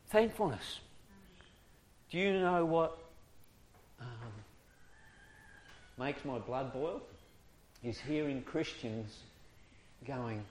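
A man's voice: medium pitch, lively intonation, a little slow, long pauses. A man giving a humorous teaching talk to an audience of church workers, chuckling often and acting out quoted voices. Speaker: preacher training children's ministry workers.

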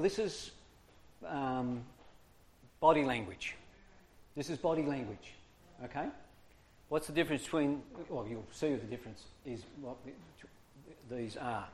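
A man teaches a small group in a loose, talky way. He acts out his points by moving his voice up and down. His voice sits slightly on the high side. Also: measured pace, pauses often, a little mellow. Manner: demonstrative, swings his voice high and low to make points. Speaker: speaker teaching discipline. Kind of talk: informal talk to a small group.

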